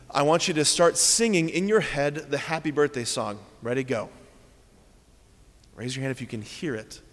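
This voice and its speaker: A man's voice: a little high, fairly bright tone, big-room sound. A man preaching a sermon, earnest and repeating key phrases as he leads the congregation through simple exercises.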